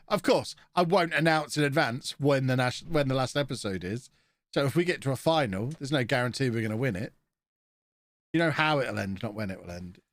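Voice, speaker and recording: A man's voice: medium pitch, no echo. A man with a blocked nose, chatting and joking through a live-streamed game commentary as he reacts to his chat.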